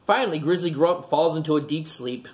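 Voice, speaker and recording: A man reading a picture book aloud to children in an animated way, breaking into funny animal voices. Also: on the high side, a little fast, a little hiss or hum. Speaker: children's storytime reader.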